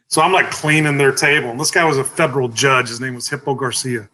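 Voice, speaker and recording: A man's voice: mid-range voice, a little fast, few pauses, rough recording. A man, a company founder telling stories in a casual interview, salty and full of "like" and "you know". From Texas. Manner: animated storyteller, salty, lots of 'like' and 'you know'.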